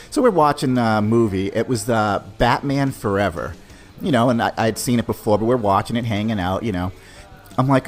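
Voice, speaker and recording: A man's voice: medium pitch, fairly quick, soft background music. A man hosting a podcast, telling a personal story in a loose, conversational way. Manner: loose, conversational, animated, full of "man" and "you know". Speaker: podcast host.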